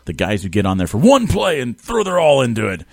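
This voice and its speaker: A man's voice: medium pitch, wildly swooping pitch, fast talker, vocal fry, dry recording. A man co-hosting a morning radio show, bantering playfully and laughing often. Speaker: radio co-host.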